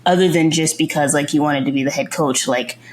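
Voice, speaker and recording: A woman's voice: low voice, fairly quick, slight background noise, rough recording. Woman host, casual, lots of likes and you knows. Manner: rambling questions, many fillers. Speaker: podcast host. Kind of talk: casual interview.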